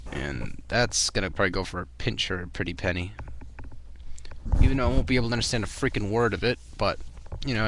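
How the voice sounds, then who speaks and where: A man's voice: on the low side, pushed and bright. A young man with a Boston accent, chatting casually in a rambling vlog full of fillers and restarts. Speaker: vlogger.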